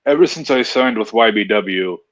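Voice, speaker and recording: Wrestler guy calling in, halting speech, dull muffled audio. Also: on the low side, lively intonation, fairly bright tone. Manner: hesitant, emotional. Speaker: wrestler guest. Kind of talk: casual interview chat.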